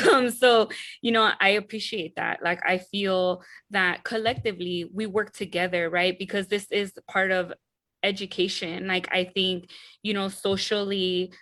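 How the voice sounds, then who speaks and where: A young woman speaking earnestly and in a measured way on a video call, with frequent ums. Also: mid-range voice, steady tone, fairly bright tone. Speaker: panelist. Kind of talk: casual talk on a video call.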